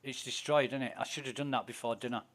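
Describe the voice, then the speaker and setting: A Yorkshire man rambling through a story as he plays, with plenty of cursing along the way. His voice sits at an ordinary middle pitch, and his delivery is loose and conversational. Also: steady tone, quick pace, fairly bright tone. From Yorkshire, England. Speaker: game streamer. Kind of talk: casual chat while gaming.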